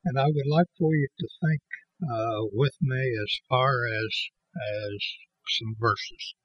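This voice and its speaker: Male preacher, slow and deliberate, slightly husky, dry close sound. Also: medium pitch, no echo, muffled recording. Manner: slow and halting, with many restarts, leaning on certain words. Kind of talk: sermon.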